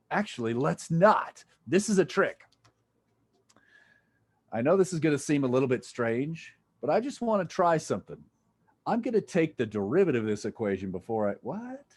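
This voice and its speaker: A man's voice: medium pitch, a little mellow, husky. A man lecturing a physics class, casual and jokey, thinking aloud as he works through problems with students. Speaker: physics instructor.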